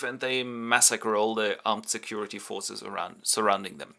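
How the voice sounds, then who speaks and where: A man's voice: mid-range voice, moderate pace, vocal fry, hardly any pauses, sharp tone. A man narrating a comic summary of a classic play, with wry ironic asides. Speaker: host and narrator.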